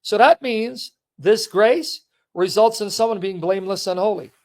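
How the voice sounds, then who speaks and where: A man hosting a live stream, lecturing a caller in a heated, forceful way. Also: high voice, moderate pace. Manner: forceful, lecturing, berating chat commenters. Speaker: livestream host. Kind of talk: heated live teaching and chat.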